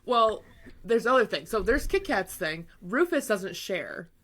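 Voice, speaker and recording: A woman's voice: medium pitch, sing-song, unhurried, a bit bright. Chatty young woman podcast co-host. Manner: rambling, full of fillers and acted-out quotes, laughs often. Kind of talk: casual chat.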